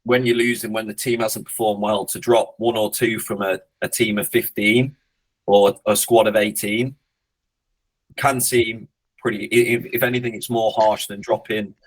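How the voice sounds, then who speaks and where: A man's voice: fairly low pitch, flat delivery, moderate pace, poor audio. A man coaching a rugby club, talking through his team in a casual podcast interview with lots of restarts and blunt humour. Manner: reflective, hesitant restarts, blunt swearing when joking.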